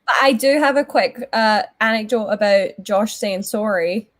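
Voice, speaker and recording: A woman's voice: mid-range voice, moderate pace, no echo. A woman actor guest chatting casually and playfully, joking along. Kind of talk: casual chat. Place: South Jersey.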